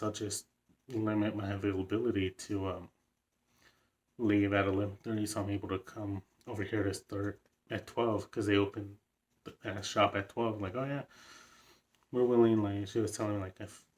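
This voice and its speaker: A young man talks casually to the camera in a vlog, telling a story in a low voice. His delivery is fairly flat and level, rambling along with plenty of fillers and an occasional excited chuckle. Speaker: vlogger.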